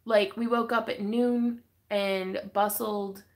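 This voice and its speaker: A woman's voice: medium pitch, steady tone, slow. A young woman hosting a casual craft livestream, reading viewer comments and chatting with giggles and fillers. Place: home craft room.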